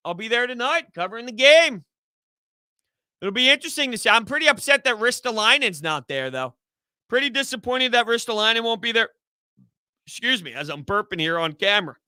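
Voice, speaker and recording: A man's voice: high voice, pushed and bright, no echo, clean studio sound. A young man hosts a sports live stream, chatting loosely and reading viewer comments with easy laughs. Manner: chatty, rambling, laughs easily. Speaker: sports YouTube host.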